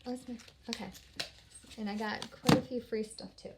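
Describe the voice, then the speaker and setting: A woman's voice: a little high, fairly even intonation, a little fast, slight background noise. A woman chatting casually at home while she unboxes products, bubbly and rambling, often trailing off and restarting her sentences. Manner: bubbly and upbeat. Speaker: vlogger.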